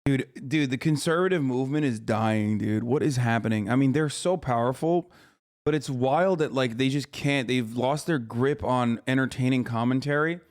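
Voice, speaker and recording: A man streaming a reaction, talking casually with incredulous, animated commentary. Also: mid-range voice, moderate pace.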